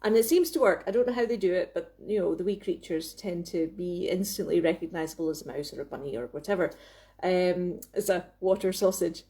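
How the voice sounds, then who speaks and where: A woman's voice: lowish voice, fairly quick, mellow. A woman hosting a casual live video chat from her craft workspace, talking into her phone in a rambling way, with lots of restarts and laughs. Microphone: phone camera.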